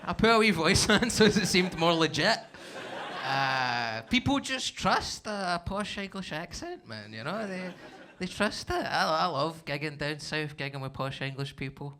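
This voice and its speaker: A man's voice: fairly high pitch, lively intonation, a little slow, sharp tone. A Scottish man from Glasgow with a Glaswegian accent, doing breezy, self-deprecating live stand-up in a comedy club. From Scotland, Glasgow. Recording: noisy live club recording.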